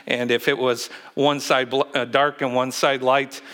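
A pastor with a mid-range, fairly bright voice that barely moves in pitch gives a conversational sermon. He asks the congregation questions and acts out quotes, but stumbles often, restarting and using fillers.

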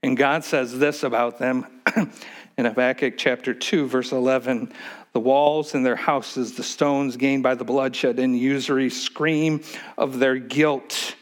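A male pastor delivers a sermon with an emphatic, dynamic style. His voice sits at a middling pitch, rising and pressing hard on key points, then dropping low and nearly to a whisper for effect. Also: fairly even intonation, takes it slowly. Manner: emphatic preaching, swinging from loud to hushed.

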